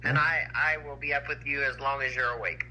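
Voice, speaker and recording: A woman's voice: very deep voice, fairly even intonation, a little fast, pushed and bright, a little hiss or hum, low-quality recording. A woman calling in to a live stream, talking in an effusive, affectionate way. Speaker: caller. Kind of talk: casual call-in chat.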